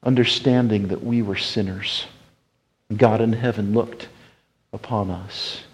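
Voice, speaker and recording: A man preaching a sermon as pastor, swinging from loud emphatic bursts to hushed, quiet passages. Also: on the low side, steady tone, measured pace, low-quality recording.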